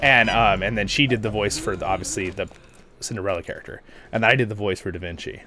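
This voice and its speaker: A man, host of a game voice-over channel, chatting casually and rambling while he plays, laughing often and swinging from quiet asides to loud bursts. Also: fairly low pitch, fast talker.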